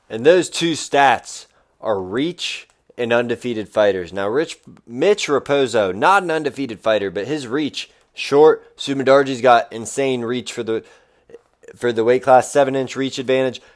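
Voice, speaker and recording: Energetic rambling man previewing fights. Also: mid-range voice. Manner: energetic, rambling, swears casually. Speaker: podcast host. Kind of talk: casual fight preview commentary.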